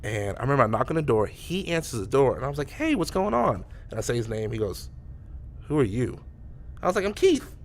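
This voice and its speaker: A man's voice: medium pitch, sing-song, brisk, slight background noise. Rambling man telling a story. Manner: rambling, many restarts. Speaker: podcast co-host. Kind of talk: casual storytelling.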